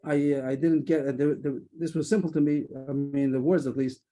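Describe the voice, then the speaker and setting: A man's voice: on the high side, steady tone, dark tone. Hesitant man leading a Talmud study call. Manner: hesitant, many restarts, quick asides. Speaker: Talmud lesson leader. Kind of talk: thinking aloud through a Talmud text. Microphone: video call.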